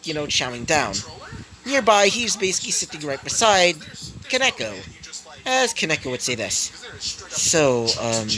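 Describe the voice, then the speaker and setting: A man's voice: on the high side, bright, forceful tone, rough recording. A man improvising a fan-story narration, rambling with many fillers and you-knows, with crowd noise behind.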